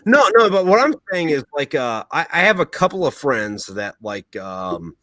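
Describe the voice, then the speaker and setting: A man hosting a podcast, slightly drunk and fired up, swearing through nearly every phrase. His voice is bright and pitched a little high, swinging wildly up and down as he rants. The sound is dry and close to the mic. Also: normal speed, dry recording, low-quality recording. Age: adult, military veteran. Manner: heated, swears constantly, animated. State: tipsy. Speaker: podcast host. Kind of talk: profane casual rant.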